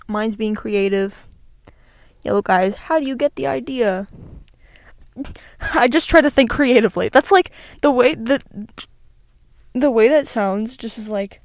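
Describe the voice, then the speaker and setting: Speaking a little high and a little slow, with long pauses, a young woman records casual solo commentary as a video creator. She rambles and giggles, constantly interrupting herself and starting over, into a desk microphone with an echo filter. The recording is dry.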